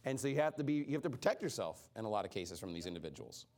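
A man's voice: lowish voice, rapid-fire. A man teaching an informal Bible study sermon in a casual way, acting out the people he quotes. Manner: animated, acts out quoted speakers; casual, many "like" fillers.

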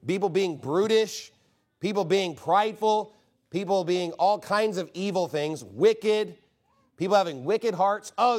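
High-voiced emphatic preacher. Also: male voice. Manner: emphatic, rhetorical, mocks objections in quoted voices. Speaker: pastor. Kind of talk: sermon.

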